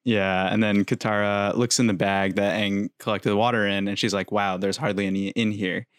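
A man's voice: lowish voice, fairly even intonation, moderate pace, clean tone, no echo, studio quality. A young man co-hosting a podcast, easygoing as he retells scenes with quoted lines. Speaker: podcast co-host. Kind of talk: casual recap narration.

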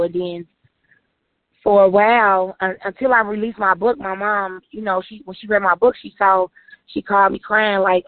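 A woman's voice: medium pitch, fairly even intonation, normal speed, dry recording. Woman in her 30s, emotional run-on storytelling, dry tinny phone line. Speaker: author and guest. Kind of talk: personal testimony in an interview.

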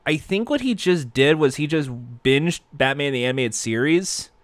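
A man rambles through a comedic episode recap, sarcastic and profane. His pitch jumps all over, and it sits a bit higher than most men's. The sound is dry and close. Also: dry recording.

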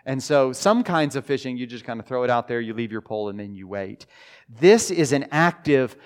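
A man preaching a sermon to his church in a relaxed, conversational way. His voice sits at a middling pitch, and he slows down to stress key lines and often trips over restarts. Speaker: pastor. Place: church sanctuary.

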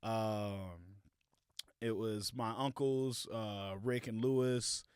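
A young man talks in an easygoing way and chimes in with short agreements. His voice is smooth and resonant, and it is recorded close and dry. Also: fairly low pitch, slow, no echo. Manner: relaxed, backchannels, loud laughs. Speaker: podcast co-host. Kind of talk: casual chat.

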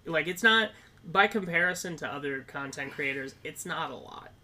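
A man from Minnesota co-hosting a film podcast in casual chat, excitable and laughing often. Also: a little high, moderate pace. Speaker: podcast co-host.

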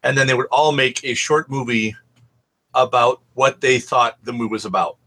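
A man's voice: medium pitch, normal speed, pushed and bright, slightly rough. A man co-hosting a podcast, telling rambling anecdotes in casual chat and swearing freely. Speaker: podcast co-host.

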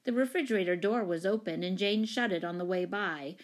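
A woman narrating a children's story in a calm, even reading voice. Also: medium pitch, brisk.

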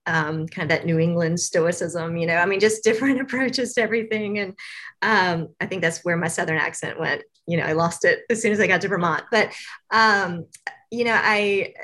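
Here the Tennessee woman talks at a normal pace, her fairly low voice carrying a fairly bright tone. As a university staff guest in an interview, she chats and rambles with lots of fillers and frequent laughter.

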